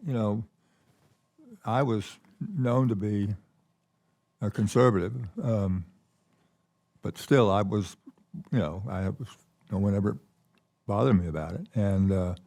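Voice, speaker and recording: An older man speaks as the keynote guest at a conference, spinning anecdotes with stops and restarts. His voice sits low and gravelly, with a mellow, dark tone. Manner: anecdotal storyteller, halting restarts. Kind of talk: conference conversation.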